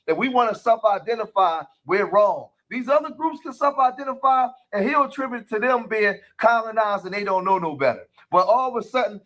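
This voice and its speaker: A man's voice: high voice, fairly bright tone, low-quality recording. A man giving casual commentary in a played clip, rambling with many fillers.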